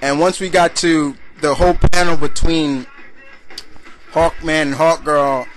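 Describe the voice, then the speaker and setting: A young man chats loosely as the host of his own video blog, answering viewer questions. He rambles with fillers and restarts in a slightly high voice. Faint music plays behind him. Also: fairly even intonation, unhurried. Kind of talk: casual rambling chat.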